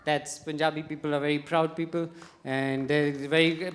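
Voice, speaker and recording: A stand-up comedian from India, talking in a chatty, halting way with many fillers on a festival stage. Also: mid-range voice, flat delivery, a little hiss or hum.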